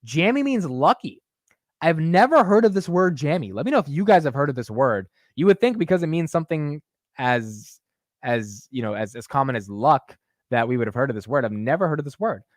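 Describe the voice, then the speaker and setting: Animated, chatty male stream host. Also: fairly high pitch, fairly quick, no echo, clean studio sound. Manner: animated and chatty, reads chat aloud, laughs easily. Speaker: stock market livestream host. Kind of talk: casual live market chat.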